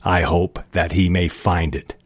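A merciful young hobbit, speaking calm and measured in a storybook passage, read by a man. The voice is lowish and dry. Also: breathy edge, no echo.

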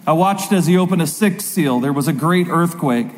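A man preaching a sermon with a high voice. He reads scripture dramatically, leaning hard and slow on key words. His voice rings with the long reverb of a large hall. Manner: dramatic reading with slow emphatic stresses.

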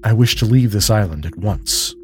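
A man's voice: fairly low pitch, moderate pace, a little mellow, soft background music, natural voice. A man reading a storybook, voicing a firm, wary male guest who speaks in short, terse refusals.

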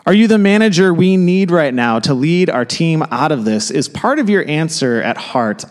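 A man preaching a sermon in a casual, conversational way, with quick asides and restarts. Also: fairly high pitch, sing-song, in a large hall. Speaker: pastor. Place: church sanctuary.

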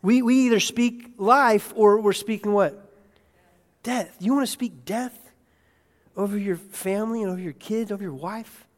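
A male pastor preaching a conversational sermon in a church, asking his congregation questions and swinging between hushed asides and loud, excited bursts. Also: high voice, normal speed. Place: church sanctuary. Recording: long hall reverb.

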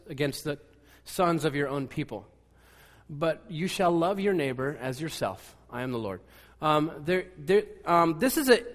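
A man giving a casual, rambling sermon, full of fillers, restarts and wry asides. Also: a little high. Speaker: pastor. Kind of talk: conversational sermon. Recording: long hall reverb.

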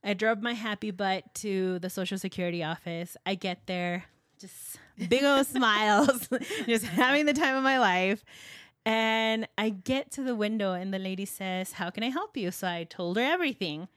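A woman co-hosting a podcast, telling a personal story in an animated, chatty way and laughing often. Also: medium pitch, moderate pace, no room sound, clean studio sound. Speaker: podcast co-host. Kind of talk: casual storytelling chat.

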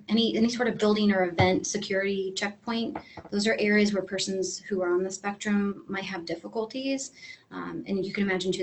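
A woman teaching a class in a relaxed, friendly way, with frequent pauses and filler words. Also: medium pitch, vocal fry, slight background noise, poor audio. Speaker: instructor. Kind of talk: classroom lecture.

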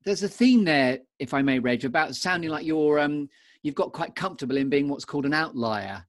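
A man's voice: fairly high pitch, lively intonation, fairly quick. A man hosting a podcast interview, playful and encouraging, asking questions in a coaching-minded way. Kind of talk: interview conversation.

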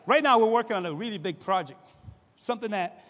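A male pastor from Cape Verde, preaching in a lively, conversational way and often asking "right?", swinging between loud and soft. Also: high-pitched, fast, in a large hall. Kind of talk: sermon.

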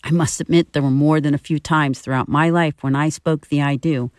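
A woman in her fifties giving a scripted, earnest and personal spiritual reflection in a measured way. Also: deep voice, fairly even intonation, dry recording, studio quality. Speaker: podcast reflection speaker.

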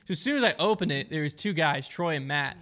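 Brief: young male co-host, rapid chatty delivery, somewhat high voice, lots of fillers. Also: lively intonation, fairly bright tone. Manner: rapid, rambling, quotes friends in raised voices. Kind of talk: casual storytelling chat.

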